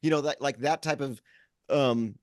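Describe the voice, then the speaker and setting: Podcast guy rambling, restarts a lot, mid-pitched, dead dry sound. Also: moderate pace, no echo. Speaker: podcast co-host. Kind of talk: casual chat.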